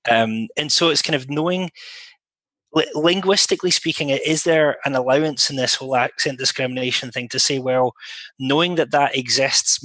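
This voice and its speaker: A man's voice: medium pitch, sharp tone, no room sound. A man co-hosting a podcast about interpreting, asking a long, thoughtful question in casual discussion.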